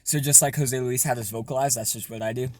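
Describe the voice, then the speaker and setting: A young man casually explaining a vocal technique in a relaxed, rambling way with lots of fillers. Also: mid-range voice, fast. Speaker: self-taught vocal tutorial maker.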